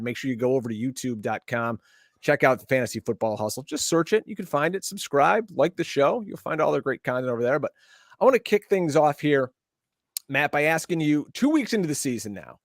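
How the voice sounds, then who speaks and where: A man hosting a sports podcast with upbeat, chatty banter and quick promotional plugs over what sounds like a video call. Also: medium pitch, no room sound, clean studio sound. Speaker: podcast host. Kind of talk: lively show hosting, casual banter.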